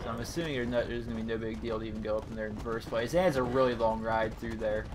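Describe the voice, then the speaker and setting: A young man giving casual, jokey let's-play commentary, bursting into excited shouts, with his voice over the game audio. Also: medium pitch, very fast, noisy background. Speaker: gaming commentator. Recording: voice over loud game sounds. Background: game sounds, horse hooves.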